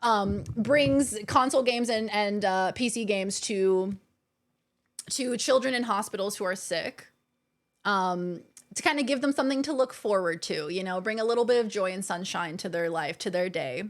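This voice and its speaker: A woman's voice: medium pitch, moderate pace. A woman streamer chatting casually on a live stream, thanking her viewers over and over, with lots of fillers and repeats.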